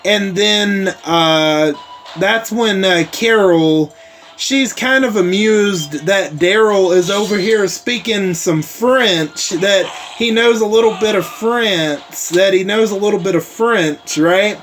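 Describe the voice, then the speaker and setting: High-voiced man in an unhurried casual recap. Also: fairly bright tone, faint music behind. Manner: rambling, heavy on fillers like "like" and "uh", with casual swearing. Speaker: host recapping a TV episode. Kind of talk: casual spoken episode recap.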